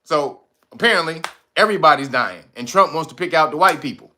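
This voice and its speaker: A man hosting casual political commentary, profane and animated, laughing often. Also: a little high, brisk, slight background noise. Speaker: commentary channel host.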